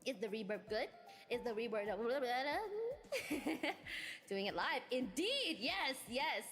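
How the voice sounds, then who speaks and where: A woman's voice: sits high, big pitch swings, slow pace, a bit bright, soft background music. A woman hosting a live stream in casual chat, giggly and a little nervous, with pet phrases she keeps repeating. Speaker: streamer host.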